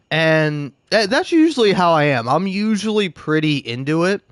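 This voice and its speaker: A man's voice: fairly high pitch, very animated, moderate pace, hardly any pauses, dry recording. A young man chatting casually on a gaming live stream, rambling and self-deprecating with lots of false starts. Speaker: gaming livestreamer.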